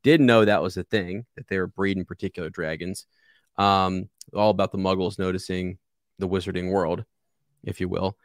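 Rambling, low-voiced man podcast co-host. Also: fairly even intonation, moderate pace, no echo, clean studio sound. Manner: enthusiastic, rambling with fillers and restarts. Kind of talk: casual book discussion.

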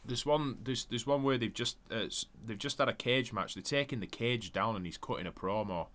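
A man in casual chat, excitable and jokey, swearing freely. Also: medium pitch, a little fast.

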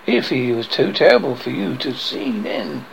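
A man's voice: mid-range voice, lively intonation, moderate pace, creaky, a little hiss or hum, poor audio. A man voicing a frightened old husband who speaks unsteadily and falters. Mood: shaken. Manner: shaken, faltering.

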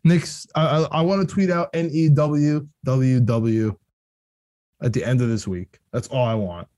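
A young man chatting on a sports podcast in a mellow, low-key timbre. He rambles excitedly, restarts his sentences and laughs a lot. The sound is close and dry. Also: unhurried, dry recording. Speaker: podcast co-host. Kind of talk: casual sports podcast chat.

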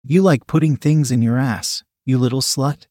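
A man voicing a domineering male lover in a read-aloud erotic story, low and commanding. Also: normal speed, a little mellow, no echo, clean studio sound, close to an everyday voice.

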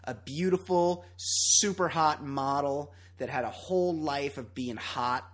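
A man co-hosting a podcast in casual banter, loud, opinionated and profane, often laughing. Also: on the high side, measured pace. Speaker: podcast co-host.

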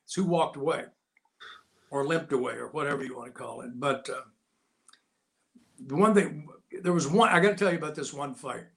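A man's voice: a little high, fairly quick, gravelly, pauses often. Older American man telling war stories. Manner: animated anecdotes with voiced quotes. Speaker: interview guest, actor and Navy veteran. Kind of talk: casual storytelling.

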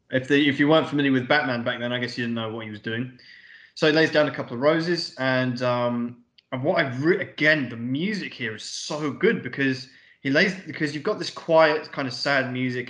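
A man co-hosting a film review podcast, talking casually and excitedly, swearing and acting out scenes. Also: medium pitch, reverberant. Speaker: podcast co-host.

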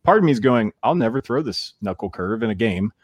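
A man's voice: on the low side, a little fast, breathy edge, no echo. A man, a baseball player being interviewed, chatting casually and acting out the voices of people in his stories. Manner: animated storyteller who acts out quoted voices.

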